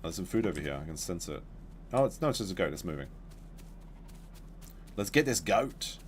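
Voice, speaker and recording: A man's voice: low-pitched, big pitch swings, moderate pace, slight background noise. A man streaming a dinosaur game, rambling casually to his chat while he plays. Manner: rambling, chatty, talks to chat while playing. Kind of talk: casual gameplay commentary.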